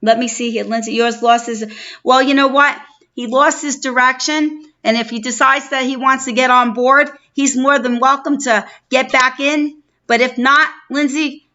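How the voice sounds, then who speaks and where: New York accent, woman, middle-aged, high voice, gushing stream chat, dull lo-fi audio. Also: fairly even intonation, normal speed, sharp tone. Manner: chatty and effusive, greets viewers by name. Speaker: livestream host. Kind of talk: casual live-stream chat.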